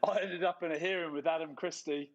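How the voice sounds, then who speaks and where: A man from England tells laddish club stories at a live event, his voice sitting a little high. He swears freely and keeps it cheeky. The sound is a bit dull and lo-fi. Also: fairly even intonation, fast, a little hiss or hum. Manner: laddish storytelling with swearing and laughs. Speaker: guest. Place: clubhouse before a live audience.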